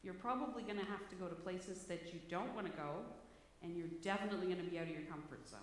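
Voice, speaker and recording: A woman's voice: fairly low pitch, fast, natural voice. A woman voicing a male teacher giving a plain, matter-of-fact warning to a would-be follower, in an echoey hall. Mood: cautioning. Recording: echoey hall, faint background noise.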